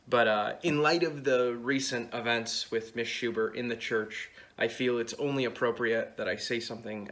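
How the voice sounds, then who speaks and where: A young man in his late teens telling a long deadpan comedic story at a talent show. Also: medium pitch. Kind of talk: stand-up storytelling.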